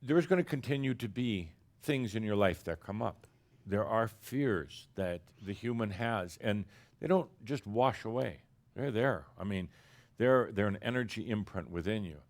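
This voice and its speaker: Deep-voiced man giving a theatrical spiritual talk. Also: expressive. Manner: theatrical, playful, addresses listeners as "dear human"; swings between loud emphatic bursts and quiet drawn-out phrases. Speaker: spiritual teacher channeling an entity. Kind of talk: channeled spiritual talk to a live audience.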